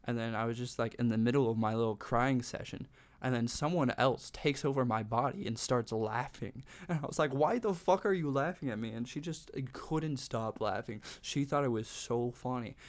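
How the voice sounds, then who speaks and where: Steady in tone, medium in pitch, and moderate in pace, this young man's bedroom vlog wanders through a personal story, packed with "like" and profanity.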